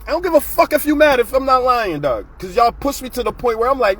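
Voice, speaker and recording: A man's voice: very high voice, expressive, fast talker, hardly any pauses, fairly bright tone, husky. A man hosting his own show, ranting bluntly and profanely in a casual, fired-up monologue. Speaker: show host.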